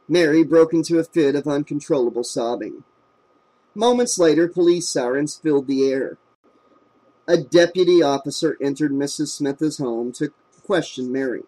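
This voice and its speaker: A man narrating a horror novel in a steady, measured reading voice. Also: on the high side. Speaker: audiobook narrator. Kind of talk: scripted narration.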